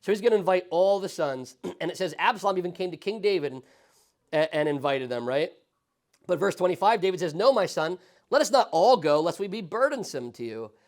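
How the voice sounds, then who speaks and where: A man teaching a Sunday school Bible study as pastor, animated and acting out quoted lines in different voices. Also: high voice, fairly quick. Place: church classroom.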